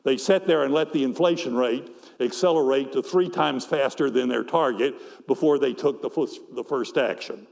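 An older man presents economics slides at a conference, talking through them in a measured way and frequently repeating words. His voice is mid-range, gravelly and slightly mellow, with a long reverb tail.

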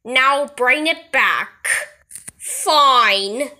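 High, bright-voiced woman playing a firm mom. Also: drawn-out words. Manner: firm, scolding. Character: firm, patient mother. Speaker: cartoon narrator and voice actor.

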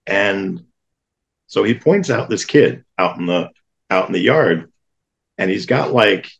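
A man, a guest on an interview podcast, telling a personal story with lively acted-out quotes of other people. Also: on the low side, creaky, muffled recording. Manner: animated storyteller who acts out quoted voices.

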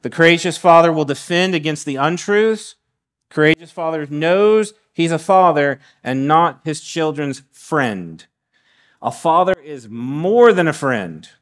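A middle-aged man giving a sermon as guest preacher, animated, with frequent restarts and acted-out asides. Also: fairly high pitch, a little slow. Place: church sanctuary.

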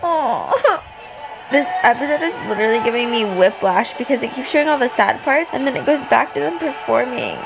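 A woman's voice: on the high side, expressive, fairly quick, gravelly, music in the background, rough recording. A young woman vlogger reacting emotionally to a TV finale, gasping and exclaiming at the screen.

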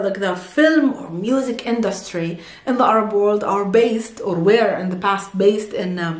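A woman with an Arabic accent teaching an online language lesson, enthusiastic and giggly, slowing down to pronounce words carefully. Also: mid-range voice, roomy sound.

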